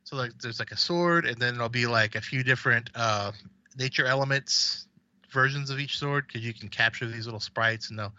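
A man rambles casually about games on a podcast, his voice very bright and forward. The sound is dry and close, though a little dull in band. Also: mid-range voice, a little fast, no echo. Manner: rambling, with many fillers and restarts. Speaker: podcast co-host.

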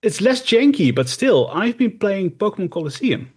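A man co-hosting a casual podcast, telling game stories in a rambling, animated way with lots of fillers. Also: high-pitched, moderate pace, breathy edge. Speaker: podcast co-host and streamer. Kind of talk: casual chat.

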